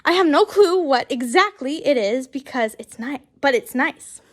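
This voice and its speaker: High-voiced, giggly young woman reading fanfiction. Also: animated, moderate pace. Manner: giggly, chatty, swears freely. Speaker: fanfiction reader and YouTuber. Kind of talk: reading fanfiction aloud with chatty asides.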